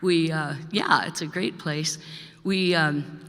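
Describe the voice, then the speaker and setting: An older woman from Manitoba, Canada, a singer-songwriter, introduces her song to a live audience in a church hall, rambling through a chatty story and laughing often. Her voice is deep and fairly bright, and she takes her time. The hall is reverberant, with faint music.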